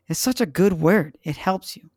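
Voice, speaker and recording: A man's voice: high-pitched, expressive, normal speed, darkish tone, breathy edge, no room sound, studio quality. A man being interviewed, answering in a playful, candid and cheerfully profane way. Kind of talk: casual street interview.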